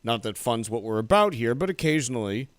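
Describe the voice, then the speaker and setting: A man's voice: mid-range voice, expressive, brisk, dry recording. Dry-humored male radio co-host. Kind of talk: casual market news chat.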